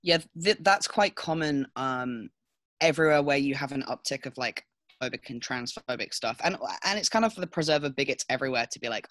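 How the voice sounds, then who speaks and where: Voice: mid-range voice, expressive, brisk, fairly bright tone, dry recording. A podcast co-host, rambling through casual discussion with many fillers and restarts.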